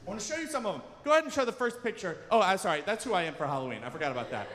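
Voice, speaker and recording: A young man doing stand-up comedy at a live event, telling self-deprecating stories with sudden shouts. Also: sits high, expressive, very fast, noisy background. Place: large hall, live event. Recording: long hall reverb from a live venue.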